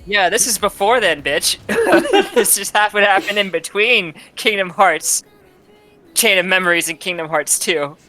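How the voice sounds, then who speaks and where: Over soft background music, a man with a high-sitting, very animated voice retells a game's plot in a casual drunk chat. He's unhurried and sharp-toned, rambling, swearing and laughing often.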